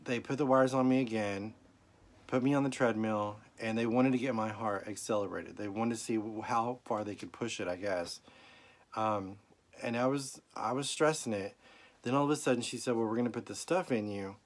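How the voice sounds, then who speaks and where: A man's voice: on the low side, moderate pace. A middle-aged man tells a personal story in a rambling, emotional way, at times close to tears. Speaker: vlogger. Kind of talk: personal health update vlog.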